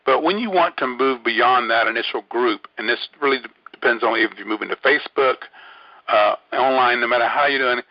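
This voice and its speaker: A man hosts an online training webinar, talking casually and rambling with many fillers and restarts. His medium-pitched voice is fairly quick and comes over a phone line as dull, lo-fi, dry audio with no echo.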